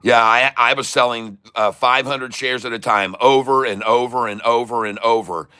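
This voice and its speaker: A man's voice: medium pitch, fairly even intonation, moderate pace, pushed and bright, smooth. A man with a Southern US country accent, commenting on stock charts in a joking livestream, folksy and teasing, often chuckling. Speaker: stock trading streamer.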